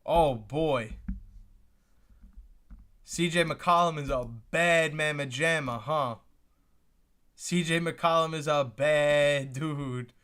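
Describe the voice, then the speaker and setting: A man's voice: fairly high pitch, slow pace, pauses often, fairly bright tone. A young man hosting a live reaction stream, exclaiming and repeating himself as he talks to his chat. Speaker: livestream host reacting to the draft.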